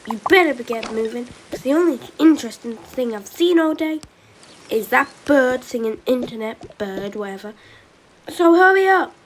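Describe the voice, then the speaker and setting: A woman's voice: a little high, expressive, normal speed. A young woman voicing a playful doll-game family skit, switching between character voices, with rain noise behind. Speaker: roleplay video maker.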